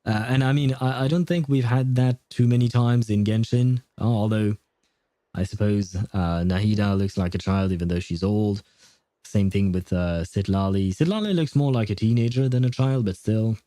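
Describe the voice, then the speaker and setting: Rambling streamer, dark dry voice. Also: male voice, on the low side, moderate pace, no room sound. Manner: rambling, self-correcting, chuckling. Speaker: game streamer. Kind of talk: casual chat while playing.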